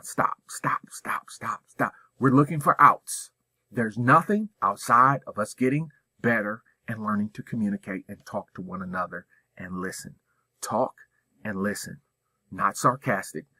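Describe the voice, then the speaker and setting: Male school administrator, bright forceful voice, dry close sound, blunt emphatic delivery for a staff training. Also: mid-range voice, no room sound. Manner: direct, emphatic, rhetorical questions. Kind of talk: professional development talk.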